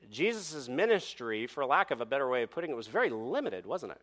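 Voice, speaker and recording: A man preaching a sermon with dramatic pauses and rhetorical questions, reading scripture and telling a story to his congregation. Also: medium pitch, sing-song, fairly bright tone. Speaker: pastor.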